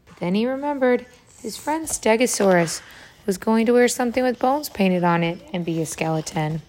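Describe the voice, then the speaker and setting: A woman reading a picture book aloud to young children, animated, pausing to ask them questions. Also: fairly high pitch, slight background noise. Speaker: reader to children.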